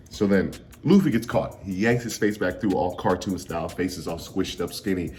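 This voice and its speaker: A man's voice: sits low, normal speed, darkish tone, faint music behind. A young man recapping a comic chapter in a casual, slangy, jokey way with frequent laughs. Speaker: manga reviewer.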